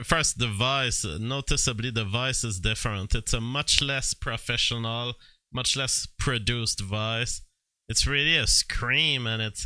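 A man talks to his live-stream viewers about AI-made songs, often laughing and playfully mimicking sounds. His voice is smooth and resonant, with a dry, close sound free of room echo. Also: mid-range voice, sharp tone. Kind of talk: live-stream commentary, reading chat aloud.

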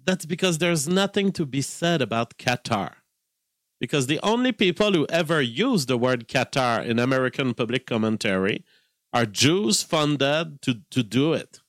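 A man riffing through casual live-stream commentary, rambling and heated and circling back on his points. His voice sits mid-pitch and sounds dry and close, with no room around it. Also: animated, moderate pace, fairly bright tone, dry recording. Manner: rambling, heated, repeats himself. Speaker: online commentator reacting to clips.

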